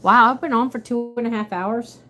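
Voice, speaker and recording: Muttering to herself as she looks over a map, a woman chats casually on a live stream from home, holding her phone. Her voice is a little high, steady in tone and brisk.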